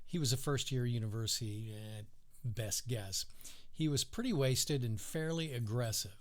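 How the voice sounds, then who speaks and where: A man co-hosting a podcast, relaxed and chatty, reading out funny news items. He drifts into easy chuckles as he tells each story. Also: medium pitch. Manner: laid-back, chuckles often, drawn-out storytelling. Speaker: podcast co-host. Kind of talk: casual chat, reading news stories aloud.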